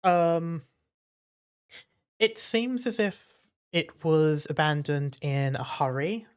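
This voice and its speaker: A man's voice: on the high side, slow pace, clean tone. A man running a tabletop game as dungeon master, describing the scene at an easy pace with many fillers.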